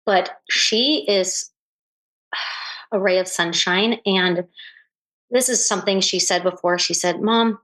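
A woman in her forties speaking as an interview guest, earnest and reflective, pausing often with fillers and restarts. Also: on the low side, fairly bright tone, poor audio. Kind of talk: candid conversational interview.

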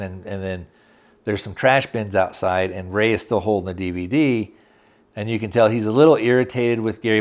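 Reviewing a TV series, this male podcast host retells the plot in a slightly low voice. His casual recap wanders and stalls, full of filler words, with quotes performed loosely.

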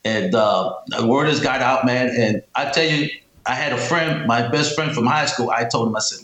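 A man's voice: mid-range voice, fairly quick, a bit bright, roomy sound, poor audio. A man telling stories as a guest in a casual interview, emphatic and repeating himself as he talks.

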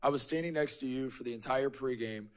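A man co-hosting a podcast, telling a story in casual chat, self-mocking and animated, quoting people in quieter asides. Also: mid-range voice, fast talker, clear, resonant tone. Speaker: podcast co-host.

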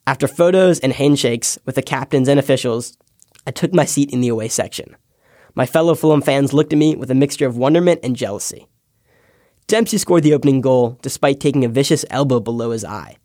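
A man's voice: mid-range voice, fairly quick, dark tone, no echo, studio quality. A young American man, an intern, reading a wry scripted personal essay about his childhood. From United States. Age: young adult. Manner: wry, storytelling read. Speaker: podcast intern.

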